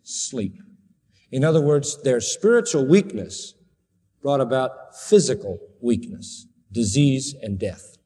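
A man preaching an expository sermon, emphatic, rising to high sarcastic tones when he quotes. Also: lively intonation, takes it slowly, warm tone. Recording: long hall reverb.

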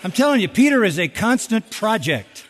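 Animated preacher man in a reverberant hall. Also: normal speed, a little hiss or hum. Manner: animated, acts out voices with big pitch jumps and sarcasm. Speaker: pastor. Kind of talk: sermon.

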